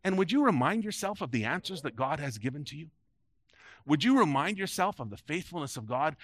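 A man's voice: on the high side, a bit bright, no echo, studio quality. A man preaching a sermon to a congregation, emphatic, with rising peaks and phrase ends that drop away. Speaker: pastor. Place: church sanctuary before a congregation.

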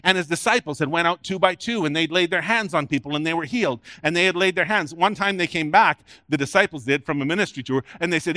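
High, bright-voiced preaching man. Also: quick pace, few pauses, dry recording. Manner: earnest, repeats words on restarts, swings from hushed to loud. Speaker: pastor. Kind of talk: sermon.

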